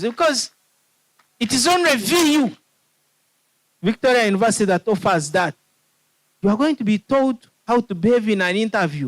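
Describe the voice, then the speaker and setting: A man's voice: high-pitched, no echo, low-quality recording. A man with a Ugandan accent, a university official giving an emphatic, joking orientation speech to new students.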